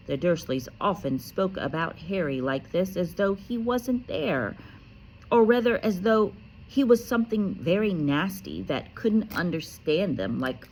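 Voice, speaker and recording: A woman teacher reading a children's book aloud with lively expression and casual, chatty asides. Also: fairly low pitch, measured pace, a little hiss or hum. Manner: animated, casual, self-correcting.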